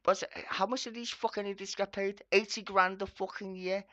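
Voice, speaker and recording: A foul-mouthed streamer rants over a debate clip from a home computer, swearing nonstop and bursting into loud, exasperated yells. The voice sits in a middle register, and the recording is dry and a little dull. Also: medium pitch, steady tone, normal speed, no echo. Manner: swearing constantly, ranting with sudden loud outbursts. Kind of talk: angry profane reaction rant.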